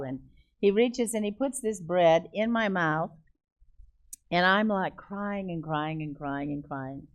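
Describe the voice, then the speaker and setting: Older woman telling a lively testimony. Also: lowish voice, slow pace. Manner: animated, laughing often, emphatic. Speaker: guest speaker. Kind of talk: storytelling testimony.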